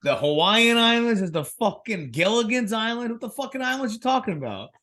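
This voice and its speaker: A brash young Boston student who curses in nearly every phrase, as a man puts him on. The voice is pushed high and loud, and it talks fast. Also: very animated, full character voice. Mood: indignant. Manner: shouting, swearing constantly.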